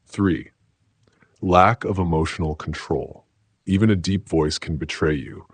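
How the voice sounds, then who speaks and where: A man giving scripted self-help narration in a slow, measured, declarative way. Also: low voice, breathy edge, no room sound.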